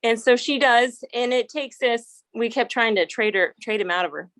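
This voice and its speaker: A woman's voice: fairly high pitch, moderate pace, fairly bright tone, no room sound. A woman who trains and breeds horses, telling a long anecdote in a casual interview, rambling with restarts and laughing often.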